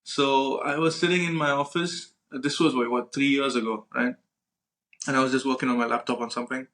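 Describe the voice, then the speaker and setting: A man co-hosting a casual podcast, telling stories in an animated, expletive-heavy way. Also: medium pitch, brisk. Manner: animated storyteller, swears freely. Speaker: podcast co-host.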